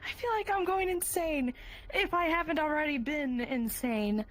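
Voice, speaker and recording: A young adult woman playing her character in a tabletop game, muttering, swearing and breaking into teary shouts. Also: high-pitched, normal speed. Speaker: player. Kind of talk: in-character tabletop role-play.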